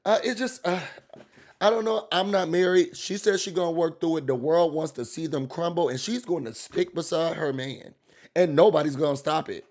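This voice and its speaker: Man, animated vlogger ranting through a show recap, raised voice with wide swings. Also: a little high, moderate pace. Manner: animated, gossipy, acts out quoted voices. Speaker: YouTube recap host. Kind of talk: casual reality-TV recap rant.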